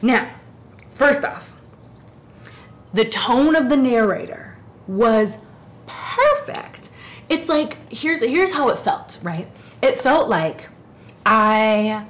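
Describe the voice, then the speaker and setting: A young woman reviewing books in casual chat, animated and rambling, often interrupting herself. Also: a little high, slow pace, pauses often, slight background noise. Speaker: book reviewer.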